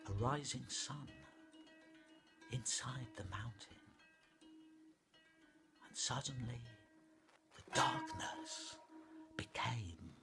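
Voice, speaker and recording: A man telling a fairy tale, slow and hushed, often dropping to a whisper. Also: medium pitch, faint music behind. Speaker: storyteller. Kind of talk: storytelling for adults.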